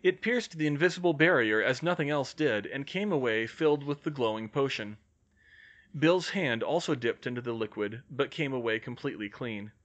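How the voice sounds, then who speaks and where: A man reading fan fiction aloud as an audiobook, with measured storytelling. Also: medium pitch, fairly bright tone, muffled recording. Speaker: audiobook reader.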